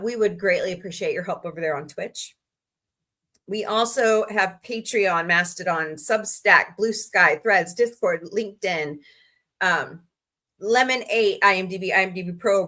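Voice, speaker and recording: A woman's voice: mid-range voice, fairly bright tone. A woman from Missouri hosting a casual live stream, chatty and rambling with frank asides to her viewers. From Missouri, USA. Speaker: livestream host.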